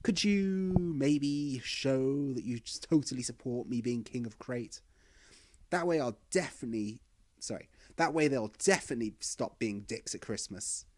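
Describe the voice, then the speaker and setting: A man's voice: medium pitch, animated, moderate pace, a little mellow, lightly acted. A man voicing a whiny, insecure king who pouts and pleads in a raised voice. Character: whiny insecure male king, petty, pouting.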